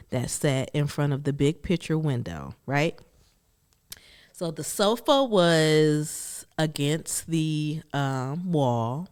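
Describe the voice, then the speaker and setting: Lively woman podcast host telling stories. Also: low-pitched. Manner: animated, laughing storyteller who acts out family quotes. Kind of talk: personal storytelling monologue.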